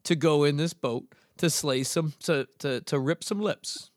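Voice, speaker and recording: Brief: high-pitched male host, dry close sound, lively laughing anecdotes. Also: unhurried, no room sound. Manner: animated, laughing, acts out quotes. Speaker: podcast host. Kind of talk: casual storytelling chat.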